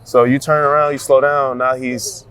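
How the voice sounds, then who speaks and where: A young man, a college football player, answering interview questions in a soft-spoken, halting way with many fillers and restarts. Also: medium pitch, flat delivery. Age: young adult. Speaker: college football cornerback guest.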